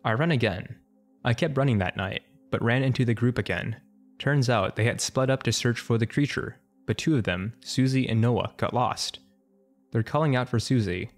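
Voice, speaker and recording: A man narrating an internet story for comic effect in a brisk, wry, matter-of-fact way. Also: medium pitch, faint music behind.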